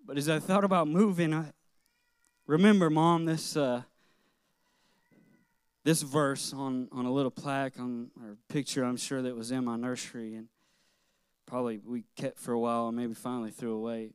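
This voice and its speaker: A man's voice: mid-range voice, steady tone, moderate pace, clean tone, no echo, studio quality. A middle-aged man, a pastor, preaching a sermon in an earnest, personal way, telling childhood stories with light laughter.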